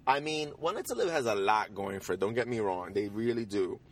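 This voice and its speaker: A man co-hosting a casual podcast from a parked car, gushing and animated, often restarting his sentences. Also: lowish voice, brisk, slight background noise. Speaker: podcast co-host. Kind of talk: casual chat about soap operas.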